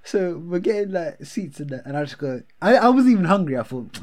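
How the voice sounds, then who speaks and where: Young man, casual chat, animated storyteller with heavy slang. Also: fairly high pitch, a little fast, hardly any pauses. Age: young adult.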